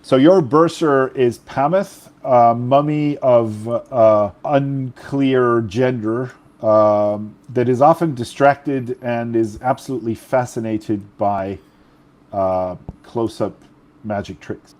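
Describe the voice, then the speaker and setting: Casting: male game master, French native speaker, mid-pitched, loose explanatory narration. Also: takes it slowly, a little mellow. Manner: rambling, self-correcting explanations.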